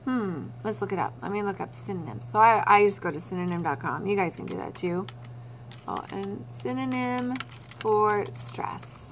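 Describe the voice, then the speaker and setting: A woman's voice: on the low side, expressive, fast, few pauses, a little hiss or hum. A woman teacher giving a recorded writing lesson to her students. She talks them through their drafts step by step and repeats the key points.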